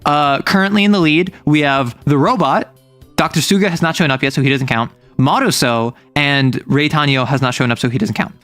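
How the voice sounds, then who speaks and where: Male streamer, casual chat, animated and joking, a bit high, faint music behind. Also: a little fast, dry recording. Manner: animated, joking, with playful asides. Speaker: livestreamer. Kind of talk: casual chat, summarizing a manga plot.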